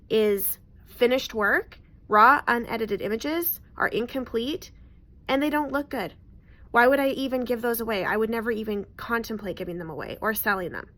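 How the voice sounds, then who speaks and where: Speaking a little high at a moderate pace, with a slightly bright tone, this woman in her thirties shares a story about a client from her newborn photography work. She talks to the camera in a chatty, emphatic manner, doubling up words to stress them.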